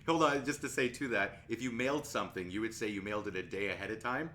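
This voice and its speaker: A man's voice: fairly low pitch, quick pace, pushed and bright, slight background noise. A man hosting a podcast, chatting casually, often cutting in with his own asides and laughing. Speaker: podcast host. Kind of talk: casual conversation.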